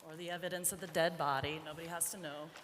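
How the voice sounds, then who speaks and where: A woman horse trainer giving a live riding demonstration, chatting, joking and softly coaxing her young horse. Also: deep voice, steady tone, fast. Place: large indoor arena. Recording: echoey arena with faint background noise.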